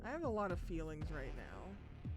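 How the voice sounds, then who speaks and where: A woman streaming a game, chatting casually, playful and excitable with plenty of swearing. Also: low voice, normal speed, over music. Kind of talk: casual gameplay commentary.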